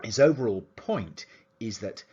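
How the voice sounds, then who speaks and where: A man giving an academic lecture as a university lecturer, explaining an analysis in a steady, methodical way. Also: fairly low pitch, a little slow, slightly rough, dull audio. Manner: explanatory, analytical delivery with lively intonation.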